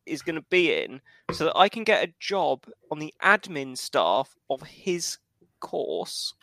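A man's voice: fairly high pitch, big pitch swings, unhurried, creaky, sharp tone, no echo. A man co-hosting a casual podcast chat, rambling as he spins elaborate joking schemes. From United Kingdom. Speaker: podcast co-host.

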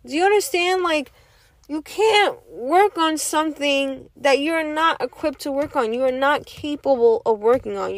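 Woman, high pitch, slow deliberate delivery, dry close sound; blunt opinion piece full of rhetorical questions. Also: no room sound. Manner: emphatic, repeats rhetorical questions, curses. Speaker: vlogger giving opinions. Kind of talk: casual monologue.

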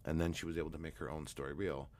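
A man, a hypnotherapist guest, telling a long anecdote in a relaxed, rambling way with many fillers. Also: extremely low pitch, racing. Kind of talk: storytelling interview talk.

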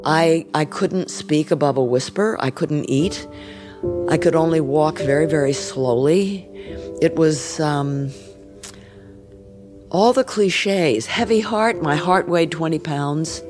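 An older woman speaking as an interview guest, reflective and frank, with soft trailing restarts. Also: low-pitched, slow pace, music in the background. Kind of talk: candid interview conversation.

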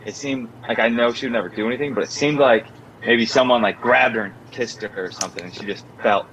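A young man with a middling pitch tells a story in relaxed, conversational fashion. He scatters "like" through every sentence and lifts his voice when he acts out quotes. A faint noise sits under the recording. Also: quick pace, lo-fi sound. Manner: animated storyteller, many filler "like"s, acts out quotes in a higher voice. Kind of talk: casual storytelling chat.

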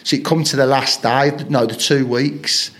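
Man, podcast guest, rambling footballer stories, mid pitch. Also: fairly even intonation, moderate pace, fairly bright tone. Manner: rambling anecdotes, frequent swearing, acts out quoted lines. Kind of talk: casual storytelling interview.

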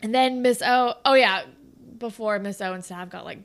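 A woman's voice: fairly high pitch, normal speed. A woman in casual chat, animatedly recapping a TV episode, swearing often and acting out the characters' lines. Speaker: podcast co-host recapping a TV episode.

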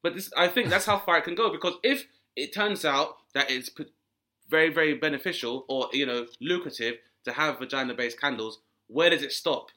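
A man's voice: on the high side, fairly quick. A man co-hosting a casual comedy chat, riffing and acting out voices in his stories. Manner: animated, acts out voices in quoted exchanges. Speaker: podcast co-host.

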